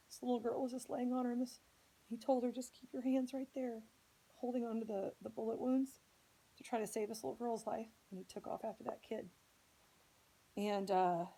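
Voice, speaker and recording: A woman's voice: medium pitch, warm tone, poor audio. A woman from Indianapolis earnestly telling a personal story as a podcast host, speaking with strong emotion. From Indianapolis, United States.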